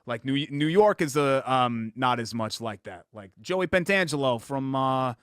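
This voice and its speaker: A man's voice: medium pitch, expressive, fairly bright tone, smooth, no room sound. Chatty male sports-show co-host, dry studio sound. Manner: chatty storyteller, quick asides. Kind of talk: casual sports talk show chat.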